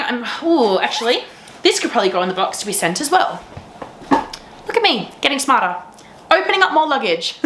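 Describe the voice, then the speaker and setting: A woman's voice: mid-range voice, sharp tone, roomy sound, a little hiss or hum. Gushing woman knitting host. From Australia. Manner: gushing, enthusiastic, laughs often. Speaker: teacher. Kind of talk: casual chat to camera.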